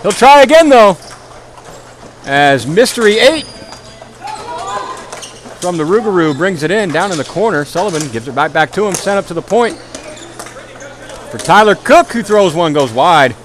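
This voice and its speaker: A man calls a ball hockey game play by play in a high voice that leaps up and down. He sounds tired after hours of talking, yet keeps cracking jokes at his own expense. Each goal lifts him into a louder, quicker call. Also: noisy background. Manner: joking, self-mocking, rising excitement on goals. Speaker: play-by-play commentator.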